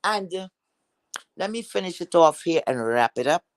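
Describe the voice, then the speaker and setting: A woman's voice: lowish voice, animated, normal speed, dry recording. Woman host with an accent, angry profane rant, lectures like a mock teacher, dry close sound. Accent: has a non-standard accent. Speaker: livestream host.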